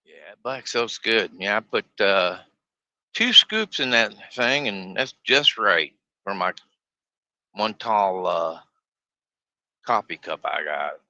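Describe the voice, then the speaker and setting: Folksy grumbling trucker man, bright voice. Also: fairly low pitch, sing-song, slow pace, no room sound, muffled recording. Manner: folksy, grumbling, laughs often. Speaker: truck driver streaming live. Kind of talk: casual live-stream chat. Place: inside a semi truck cab.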